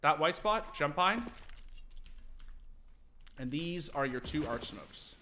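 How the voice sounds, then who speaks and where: A young man casually streaming, teaching game tactics to his chat, animated and profane. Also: a little high, slow, a little hiss or hum. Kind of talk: casual livestream commentary.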